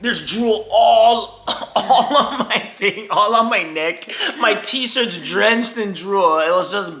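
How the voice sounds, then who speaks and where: An animated man venting through a travel story in casual vlog chat, exasperated and quick to laugh. His voice sounds bright and sharp-edged. The room gives it a hollow echo. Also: high-pitched. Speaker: vlog co-host. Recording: roomy echo.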